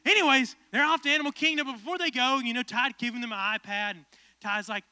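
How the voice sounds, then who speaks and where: A man in his twenties, a pastor telling a casual, animated story in a sermon that builds to fervent preaching. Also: very high voice, quick pace, smooth, no echo. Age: 20s.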